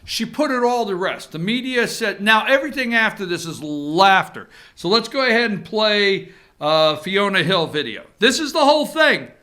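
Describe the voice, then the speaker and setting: A man hosts his own opinion show from an office room, talking in a sarcastic, animated way and repeating phrases to hammer a point. His voice sits high and swoops all over, with a bright, sharp edge. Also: moderate pace, hardly any pauses. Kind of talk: animated political commentary.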